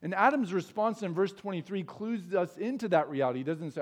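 High-voiced man preaching a sermon. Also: fairly quick. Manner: earnest preaching with rhetorical questions. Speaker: pastor.

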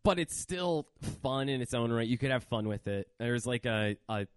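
A man hosting a casual horror movie podcast, talking in a profane, animated rant. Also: medium pitch, moderate pace, clear, resonant tone, dry recording, clean studio sound. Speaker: podcast host.

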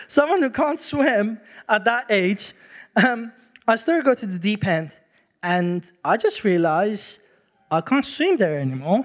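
A man preaching a sermon, telling a personal story with animated acted-out quotes. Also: sits high, measured pace.

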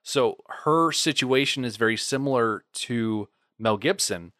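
Boston-accented podcast host, dry sound. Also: male voice, medium pitch, measured pace, a bit bright, no echo. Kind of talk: casual chat.

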